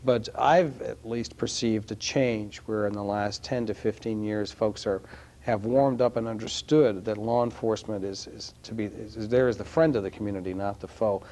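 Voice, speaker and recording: A man's voice: fairly low pitch, fairly even intonation, normal speed, a little mellow. A man hosting a talk show who asks curious, conversational interview questions. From New York.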